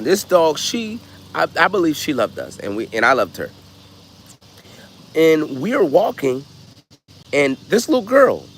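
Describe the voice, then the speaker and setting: A man vlogging, telling stories in a loose, animated way and acting out voices. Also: medium pitch, slight background noise. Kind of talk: casual storytelling.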